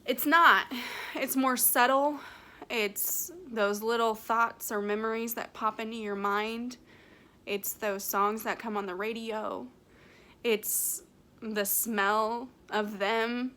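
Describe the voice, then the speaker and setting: A woman working as a medium, talking emotionally in a vlog, close to tears, halting with many restarts and fillers. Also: on the high side, fairly even intonation, fairly bright tone.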